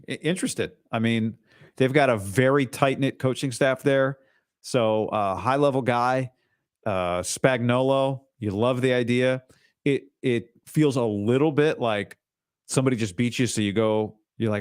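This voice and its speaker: A man's voice: medium pitch, moderate pace, no room sound, studio quality. A man hosting a sports talk show, reading listener comments and answering them with blunt opinions and sarcastic asides.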